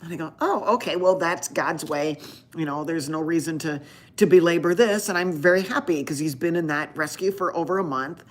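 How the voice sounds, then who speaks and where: A woman with a low voice hosts a live stream from home. She chats casually with her viewers and rambles through her stories, restarting her sentences often. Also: brisk. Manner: rambling storytelling with many restarts. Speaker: doctor hosting a live Q&A stream.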